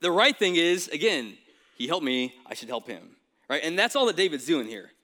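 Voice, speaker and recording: A male pastor giving a sermon in a casual, conversational way, often checking in with the congregation with quick asides. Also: on the high side, very animated, pushed and bright. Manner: casual, conversational preaching with frequent "right?" asides.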